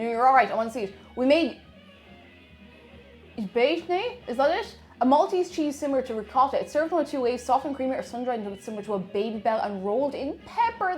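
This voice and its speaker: Irish woman streamer, chatty and animated, high-ish voice, faint music under. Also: fairly quick. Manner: chatty, reads out chat, lots of restarts. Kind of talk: casual live-stream chat.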